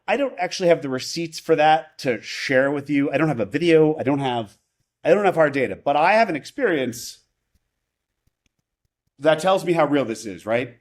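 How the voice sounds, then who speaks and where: A man with a slightly high voice chats as a podcast guest, rambling through a personal story, often restarting sentences and asking "right?".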